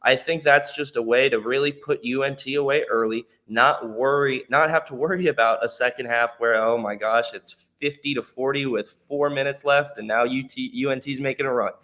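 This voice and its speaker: A man's voice: medium pitch, steady tone, moderate pace, few pauses, a bit bright. Man thinking aloud on a sports podcast. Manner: thinks aloud with many fillers. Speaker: podcast co-host. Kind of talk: casual sports podcast chat.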